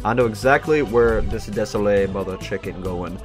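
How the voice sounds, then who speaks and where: A young man casually rambling and reacting to songs as a host, excitable and self-mocking. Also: lowish voice, normal speed. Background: faint song music playing.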